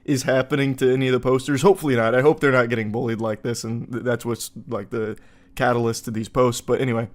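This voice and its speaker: A man's voice: mid-range voice, fairly even intonation, fast. A man hosting a comedic commentary video, reading forum posts aloud and riffing on them in a sarcastic, incredulous way with plenty of filler words.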